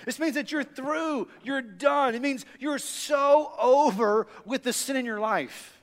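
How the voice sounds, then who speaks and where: A man with a high, bright speaking voice preaches a sermon from a church sanctuary. His words ring out in the long reverb of a big hall. He tells stories and swings from hushed asides to emphatic points. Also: a little slow. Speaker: senior pastor.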